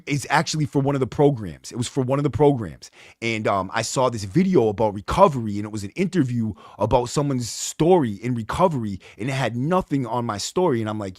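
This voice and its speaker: A man, hosting a podcast, telling his own story in a casual, profane, animated way. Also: mid-range voice, fairly quick, no echo, clean studio sound. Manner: animated, profane, rising to heated outbursts. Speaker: podcast host.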